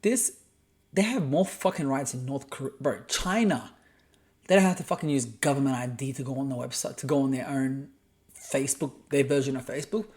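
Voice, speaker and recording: A man's voice: medium pitch, a little fast, a little mellow. Heated Australian man ranting. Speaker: podcast host. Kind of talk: solo podcast rant.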